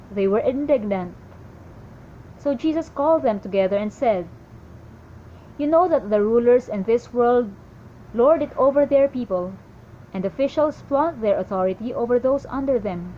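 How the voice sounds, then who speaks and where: Mellow woman reading scripture aloud. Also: a little high, highs cut off, slight background noise. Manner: steady reading with small slips and restarts. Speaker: Bible reader.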